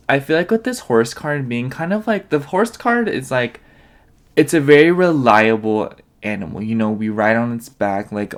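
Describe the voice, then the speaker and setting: A man giving a casual pick-a-card tarot reading, rambling and filling nearly every phrase with "like". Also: medium pitch. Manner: rambling, filler-heavy, leans on "like" constantly. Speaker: tarot reader.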